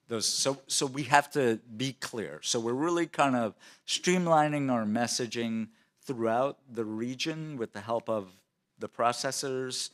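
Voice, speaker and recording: A city department official answering questions at a council meeting in a conversational way, with many fillers and restarts. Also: male voice, mid-range voice, fairly bright tone.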